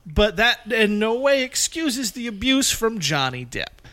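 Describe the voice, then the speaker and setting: A man's voice: high voice, sing-song, measured pace, bright, forceful tone. A man co-hosting a casual movie podcast, opinionated and profane, laughing often. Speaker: podcast co-host. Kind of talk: casual chat.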